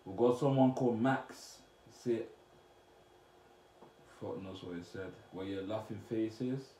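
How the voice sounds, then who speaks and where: A young man from Cameroon, chatting casually as he reacts to comments on his vlog, blunt and slangy with sudden loud outbursts. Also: on the low side, takes it slowly. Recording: echoey room with faint noise.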